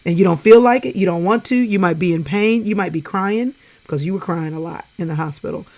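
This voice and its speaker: A woman's voice: on the low side, brisk, darkish tone. A woman hosting a casual live-stream chat, talking to viewers in an encouraging, preacherly way. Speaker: host.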